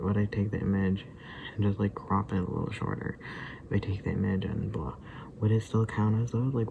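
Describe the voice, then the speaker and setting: A man's voice: lowish voice, creaky, highs cut off, background noise. A tired, sleepy man rambling casually to the camera, sometimes drifting into muttered whispers. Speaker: vlogger.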